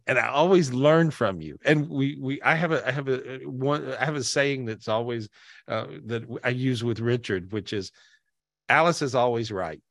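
An emotional male podcast host on a video call grows teary, rambling and repeating himself. His voice is fairly low, and the recording is dry, with close sound.

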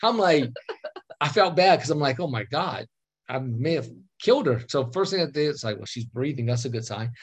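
Animated man telling a story on a video call. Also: mid-range voice, brisk, husky. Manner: animated, acts out quoted dialogue, laughs often. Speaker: guest telling a personal story.

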